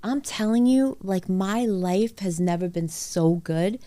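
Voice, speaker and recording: A woman hosting a podcast, telling personal stories in a blunt, animated way and swearing freely. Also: mid-range voice, takes it slowly. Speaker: podcast host. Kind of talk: casual conversation, storytelling.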